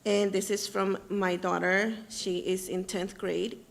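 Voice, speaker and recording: A woman, a parent, giving a plain, slightly halting public comment at a school board meeting. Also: medium pitch, flat delivery, vocal fry. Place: public meeting room at a podium mic.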